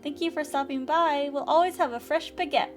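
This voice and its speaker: A woman's voice: high-pitched, fairly quick, close to an everyday voice. A woman voicing a polite older male cinema owner in a put-on, inconsistent French accent, over game music. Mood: courteous. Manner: courteous, formal phrasing.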